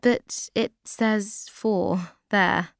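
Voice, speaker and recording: A woman voicing an adult female shop customer who talks loudly and indignantly while reading a storybook aloud. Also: mid-range voice, steady tone, very slow, no echo, clean studio sound. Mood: puzzled. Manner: loud, indignant.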